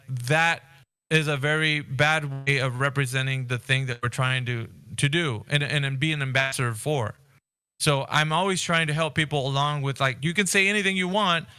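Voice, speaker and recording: A man hosting an online voice chat, talking earnestly and circling back with lots of restarts. His voice is bright and crisp, sitting a bit high for a man, and the sound is dry and close on a headset-style mic. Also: normal speed, no echo. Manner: earnest, rambling with many restarts. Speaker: Discord voice chat host. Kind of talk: casual debate chat.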